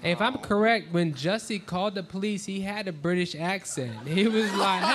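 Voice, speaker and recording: A man's voice: sits high, normal speed, few pauses, very noisy. A man competing on a comedy quiz show, riffing crude jokes and laughing as he talks. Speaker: quiz contestant. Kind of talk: joking banter on a comedy quiz.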